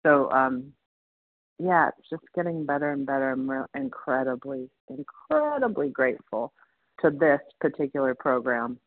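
A woman sharing her story at a support meeting over the phone, in a halting way with many restarts and pauses. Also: rumbling low, expressive. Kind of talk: personal share at a support meeting. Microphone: phone call. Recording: tinny dry phone line.

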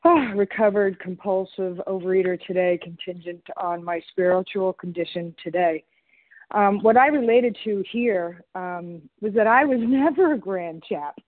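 A woman's voice: mid-range voice, moderate pace, dry recording. Candid woman sharing over a phone line. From Long Island, New York. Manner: candid, animated, quotes others. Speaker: meeting member sharing. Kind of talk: personal recovery share.

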